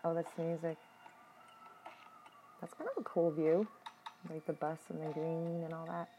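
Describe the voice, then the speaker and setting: A woman's voice: low-pitched, flat delivery, normal speed, warm tone, a little hiss or hum. A young woman giving casual, joking commentary as she reacts to a game, talking back to the screen and laughing often.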